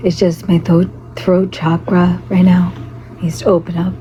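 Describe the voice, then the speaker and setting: A hoarse woman chatting through a livestream at an unhurried crawl, her tone mellow and low in brightness. She drifts from thought to thought and keeps greeting viewers. The audio is dull and lo-fi, with a faint hiss of noise underneath. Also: level tone. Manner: rambling, greets viewers as lovey-doveys. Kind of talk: casual livestream chat.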